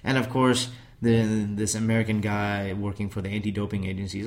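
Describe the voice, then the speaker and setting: A man's voice: on the low side, flat delivery, fast talker, few pauses. A man in casual conversation, recounting a documentary in a rambling way and swearing casually.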